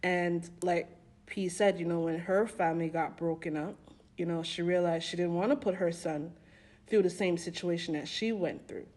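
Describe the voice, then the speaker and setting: Animated woman telling personal stories. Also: fairly low pitch, moderate pace. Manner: animated storytelling, acting out quoted voices with laughs. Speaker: podcast co-host. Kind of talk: casual podcast discussion.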